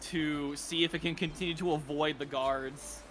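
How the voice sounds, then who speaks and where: A man running a tabletop game as dungeon master, narrating excitedly, swearing freely and shouting out the lines of guards. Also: a little high, moderate pace, noisy background.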